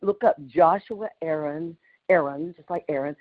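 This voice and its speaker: A woman, telling an animated story with exclamations on a group call. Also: deep voice, normal speed, phone-quality sound. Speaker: community call participant.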